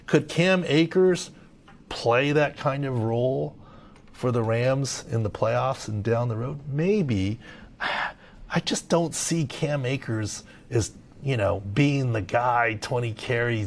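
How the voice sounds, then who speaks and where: A middle-aged man from Southern California, giving emphatic podcast injury analysis and leaning on "look" and "right?". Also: medium pitch. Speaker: sports medicine analyst.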